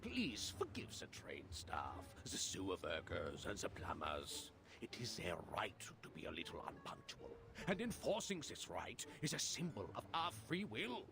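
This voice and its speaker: A man's voice: on the low side, huge pitch swings, measured pace, few pauses, background noise, exaggerated voice. An actor with a British accent playing a smug, glib male city official in a game cutscene, self-satisfied and condescending, over game audio with an ambient bed behind him. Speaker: head of a city branch office.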